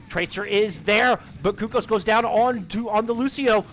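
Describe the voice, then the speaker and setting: A man casting live esports play-by-play, rapid and rising to shouts at big plays. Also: sits high, steady tone, a little hiss or hum.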